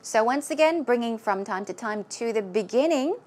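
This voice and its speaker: A woman's voice: on the high side, expressive, normal speed, a little mellow. A woman teaching English vocabulary, patiently repeating words so learners can practise pronunciation. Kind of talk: explaining vocabulary in a lesson.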